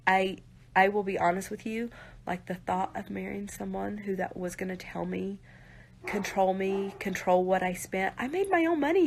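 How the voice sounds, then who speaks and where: A woman's voice: mid-range voice, gravelly, slight background noise. A woman on a live stream, talking to viewers in an earnest, direct way and often saying "you guys" and "like". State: near tears at times.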